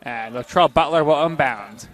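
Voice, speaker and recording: A man calling live basketball play-by-play, reeling off passes and shots in quick calls and getting louder on the big scores. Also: a little high. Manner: rapid-fire calls, bursts of excitement on scores. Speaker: play-by-play announcer.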